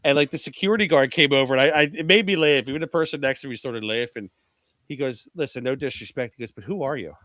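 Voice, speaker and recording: A man's voice: mid-range voice, fast talker, fairly bright tone, dry recording. A man from Philadelphia telling brash, profane stories in a casual podcast chat. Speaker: pool media executive, guest.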